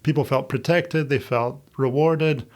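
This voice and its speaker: A man, a podcast guest, chatting casually and telling animated stories, acting out the voices of the people in them. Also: mid-range voice, a little slow. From Scotland. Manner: animated storyteller, acts out quoted voices, laughs often. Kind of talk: casual interview chat.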